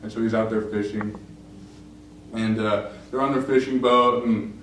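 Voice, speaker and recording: A man's voice: fairly low pitch, fairly even intonation, moderate pace, a bit bright. Young male preacher in an echoey hall. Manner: conversational, many fillers, acts out quoted lines. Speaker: pastor. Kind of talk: casual sermon storytelling. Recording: very echoey room, distant mic, faint noise.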